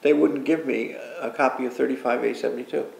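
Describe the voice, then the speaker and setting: A man's voice: medium pitch, fairly even intonation, quick pace, gravelly, darkish tone. An older man telling a personal story as an interview guest, earnest and rambling, with repeated asides. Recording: roomy echo with faint background noise.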